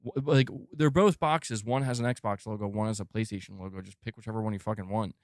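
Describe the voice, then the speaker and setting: Fairly low-pitched and a little fast, this gaming news stream host delivers a casual, rambling opinion rant, animated and peppered with "like" and occasional curses. The sound is clean studio audio with no room sound.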